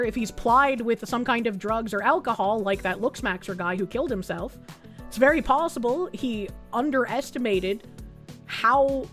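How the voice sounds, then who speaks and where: A woman's voice: on the high side, fairly bright tone. A young adult woman streaming, chatting loosely through casual reaction commentary, swearing freely and reading chat messages aloud.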